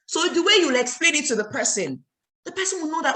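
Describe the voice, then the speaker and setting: Nigerian lady trainer lecturing her team, highish voice, lots of rhetorical questions, echoey room. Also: big pitch swings, fast, sharp tone. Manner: scolding, emphatic, full of rhetorical questions. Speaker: network marketing trainer. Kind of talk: motivational training talk.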